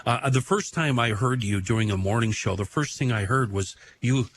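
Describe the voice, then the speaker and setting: A man hosting a podcast, chatting and reminiscing in a halting, filler-heavy way. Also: medium pitch, slight background noise. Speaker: podcast host. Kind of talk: casual chat.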